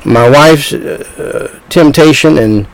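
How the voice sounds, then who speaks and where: A man's voice: fairly high pitch, slow pace, rough recording. An older man in his sixties preaching a sermon as a pastor, talking in bursts with repeated words and restarts.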